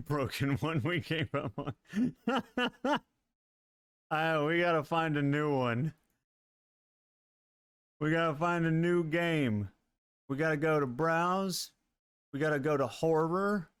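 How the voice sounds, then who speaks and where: Excitable streamer guy, slightly high voice. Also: slow, pauses often, clear, resonant tone, no echo. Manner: excitable, laughs and swears at the game. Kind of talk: casual live gameplay commentary.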